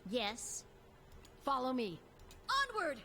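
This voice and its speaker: A woman's voice: high voice, huge pitch swings, slow pace, sharp tone, a little hiss or hum, full character voice. An actress voicing a commanding female adventurer in a video game, giving short orders to lead the party. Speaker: game character voice set.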